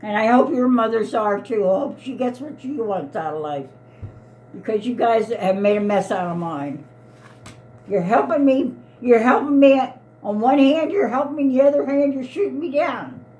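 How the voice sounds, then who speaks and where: A woman's voice: on the high side, expressive, moderate pace, a little mellow, a little hiss or hum. A woman in her eighties, an elderly mother, arguing in an upset, pleading way and repeating herself. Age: 80s. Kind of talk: heated family argument.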